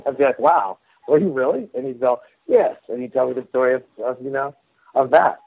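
Over a dry, tinny phone line, a rock singer being interviewed tells stories in a casual, rambling way, with plenty of fillers and restarts. His mid-range voice moves fairly quickly and has vocal fry and a breathy edge. There's no echo.

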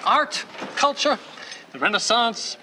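A gentle army chaplain. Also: male voice, very high-pitched, animated, slow pace, slight background noise, heavily acted. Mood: earnest. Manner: polite, earnest. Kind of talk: 1970s TV sitcom acting.

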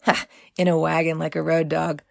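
A woman's voice: low-pitched, little pitch movement, normal speed, vocal fry, no echo, studio quality. A woman voicing an old woman, proud and long abandoned, who speaks emphatically and breaks into sad pleading. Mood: scoffing.

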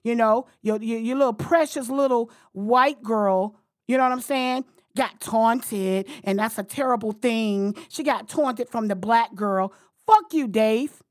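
A woman podcast host with a slightly high voice, speaking in a blunt, heated and profane way. The sound is close and dry, with no room echo. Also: a little slow. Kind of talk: casual podcast chat.

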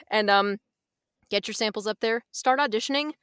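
A woman's voice: mid-range voice, fairly bright tone, clear, resonant tone, dry recording. A woman audiobook narrator giving frank, emphatic advice in a casual interview. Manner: brisk, frank and emphatic with mild swearing.

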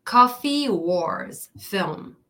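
A woman's voice: medium pitch, animated, extremely slow, a bit bright. A woman co-hosting a casual livestream who speaks English as a second language, chatty and teasing. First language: not English. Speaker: co-host.

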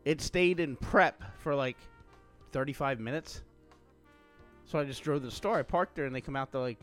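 A man's voice: medium pitch, brisk, fairly bright tone, faint music behind. A man, co-hosting a podcast and telling loose, profane stories in casual chat. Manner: rambling storyteller, loose and profane. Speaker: podcast co-host.

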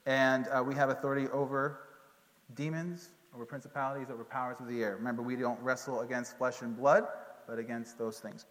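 A man giving a casual Bible lesson to a group, relaxed and joking, with many fillers and restarts. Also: medium pitch, brisk, in a large hall. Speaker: teacher.

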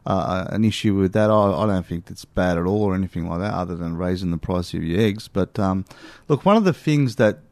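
A man's voice: low voice, brisk, a little mellow, dry recording. A man co-hosting a podcast, giving his opinions in an emphatic, casual way. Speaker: podcast co-host.

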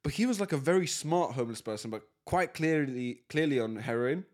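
A young man banters on a casual podcast. He teases, jokes and drops slang as he talks. His voice sits at an ordinary middle pitch. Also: animated, brisk. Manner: joking, teasing, slangy. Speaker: podcast co-host. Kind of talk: casual chat.

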